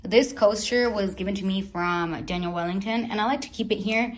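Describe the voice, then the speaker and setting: Young woman vlogger, casual rambling tour chat, a bit out of breath, middle-pitched voice. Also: fairly quick, background noise. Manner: chatty, rambling, searches for words aloud. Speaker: beauty vlogger.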